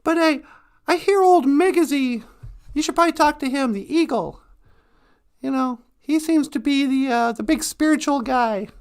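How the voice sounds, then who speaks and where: A friendly grown-up neighbor who hands out advice, as a male storyteller puts him on. He talks chattily, stumbles on his words and jokes along the way. The voice sits high. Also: moderate pace. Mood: chatty. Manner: chatty, hesitant.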